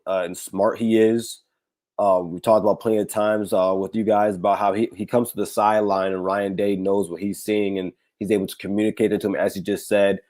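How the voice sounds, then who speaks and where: A man with a raspy, hoarse voice hosts a casual sports talk livestream, rambling with many fillers and restarts. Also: on the low side, dark tone. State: hoarse, recovering from illness. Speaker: podcast host.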